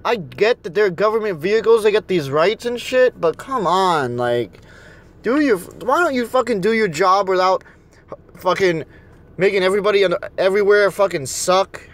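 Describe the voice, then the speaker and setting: A man's voice: high voice, lively intonation, normal speed. A young man ranting and cursing nonstop while driving around and vlogging. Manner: angry, cursing constantly. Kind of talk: casual rant while driving. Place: in a car.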